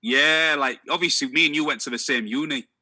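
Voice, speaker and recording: A man's voice: a little high, brisk, sharp tone. A young man in casual chat, speaking emphatically and often closing lines with "man". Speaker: discussion guest.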